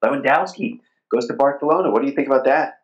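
A man's voice: mid-range voice, fast talker, dull audio. A man hosting a sports podcast, chatty and jokey, rambling through stories in casual conversation. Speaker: podcast host.

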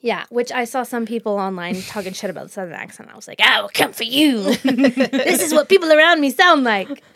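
Lively, higher-pitched woman podcaster. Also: a little fast, no room sound, studio quality. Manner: animated, laughing, chatty. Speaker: podcast co-host. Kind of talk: casual book discussion.

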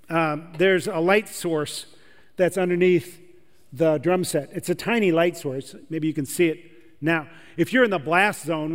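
A man's voice: on the high side, in a large hall. A man preaching a sermon to a large church audience, talking conversationally and putting questions to the crowd. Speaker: pastor.

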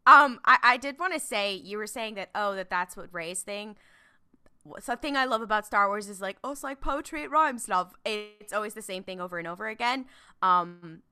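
A woman's voice: medium pitch, expressive, normal speed, sharp tone, smooth. A woman co-hosting a podcast in casual chat, rambling with many fillers and laughing as she talks. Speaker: podcast co-host.

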